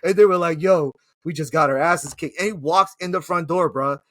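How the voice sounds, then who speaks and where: A man casually recapping an action movie in an excitable, slangy, profane storytelling way. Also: on the high side, moderate pace, no room sound. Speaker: movie reviewer. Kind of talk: casual film recap chat.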